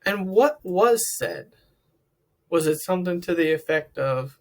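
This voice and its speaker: A man's voice: high-pitched, animated, a little slow. A man working as a therapist, giving a reflective talk to camera, asking many questions and often repeating words. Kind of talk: talk to camera about emotional health.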